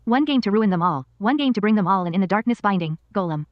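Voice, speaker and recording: A woman's voice: mid-range voice, animated, fast talker, highs cut off, noisy background. A woman's synthetic voice reading out donation messages on a stream. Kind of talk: text-to-speech donation messages.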